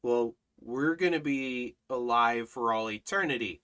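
Bright-voiced man preaching emphatically. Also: medium pitch, animated, measured pace, smooth. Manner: emphatic, repetitive preaching with rhetorical questions; reads scripture aloud in King James wording. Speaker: Bible study teacher. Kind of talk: livestreamed Bible study sermon.

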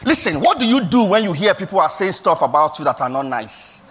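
A man with a Nigerian accent preaching a sermon as a pastor, moving between soft pleading questions and loud exhortation. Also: high voice, big pitch swings, fairly quick, slightly rough.

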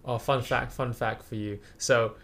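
A man with a mid-range voice chats casually about a book. He asks questions and tosses in jokes in an easygoing, relaxed manner. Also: mid-range voice, measured pace. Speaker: book discussion participant. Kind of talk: casual discussion.

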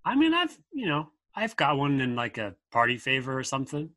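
Bright-voiced man chatting loosely. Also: medium pitch, wildly swooping pitch, brisk, dry recording. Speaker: podcast co-host. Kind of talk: casual chat.

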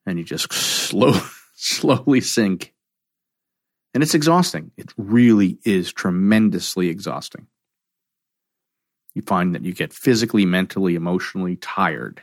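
Low-voiced man explaining emotional triggers. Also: a little slow, no echo, clean studio sound. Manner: animated storyteller, acts out quoted dialogue. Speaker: counselor. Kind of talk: reflective talk on emotional triggers.

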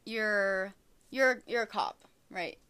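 Her mid-range voice is slow, pushed, bright and smooth as this thirtysomething podcast host recounts a true crime story. She chats casually into a shared single mic, giggling and saying "like" and "literally" constantly.

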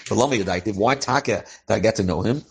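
A man's voice: lowish voice, fast talker, creaky, slightly rough. A man teaching a religious text line by line, each phrase with a pronunciation and then translating and explaining it. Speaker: Torah teacher. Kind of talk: line-by-line text study, mixing Hebrew and English.

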